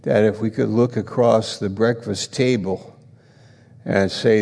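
Slow, gravelly-voiced preacher man. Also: on the low side, fairly even intonation, mellow, big-room sound. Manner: slow, earnest, rising for emphasis. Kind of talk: sermon with prayer.

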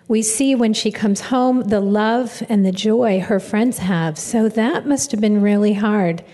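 A woman introduces the next speaker at a church women's seminar, speaking with fond affection. Her voice is mellow and soft-toned. It rings out through a reverberant hall. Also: medium pitch. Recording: echoey hall.

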